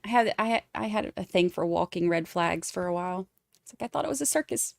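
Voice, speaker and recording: A woman's voice: on the low side, animated, quick pace, creaky, no room sound, studio quality. A woman hosting a casual livestream, chatting with viewers in a snarky, laughing way. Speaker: livestream host. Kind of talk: casual chat with live chat.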